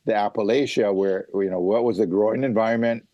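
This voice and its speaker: Middle-aged male farmer from Hawaii, lowish voice, dry recording, chatty explainer with frequent ums and restarts. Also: fairly even intonation, fairly quick, warm tone, dry recording, muffled recording. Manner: explanatory, lots of fillers and restarts. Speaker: mango farmer guest. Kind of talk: casual interview talk.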